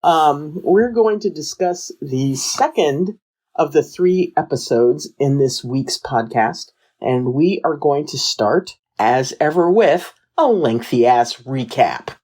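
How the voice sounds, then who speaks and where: Husky low-voiced woman, laughing podcast co-host. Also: animated, takes it slowly, mellow, poor audio. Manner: laughs often, blunt casual swearing. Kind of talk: casual recap and commentary.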